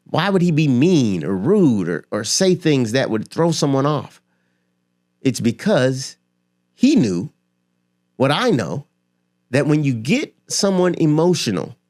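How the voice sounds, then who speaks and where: A man with a voice of ordinary pitch speaks straight to his audience in a motivational talk. He is emphatic and persuasive, stacking rhetorical questions and repeating phrases to drive his points home. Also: darkish tone. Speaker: finance and motivation creator. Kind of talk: direct-to-camera motivational talk.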